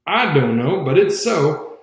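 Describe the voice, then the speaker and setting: A man reads a novel aloud with a folksy Southern accent. His voice is slightly high, and it rings around a very echoey room. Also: very animated, slow pace. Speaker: audiobook reader. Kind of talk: narrating a novel in dialect.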